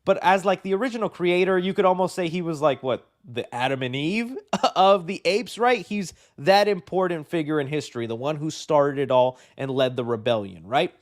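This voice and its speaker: A man hosting a live movie news show, chatting casually in an excitable, rambling way with many fillers. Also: on the high side, normal speed. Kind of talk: casual live-stream chat.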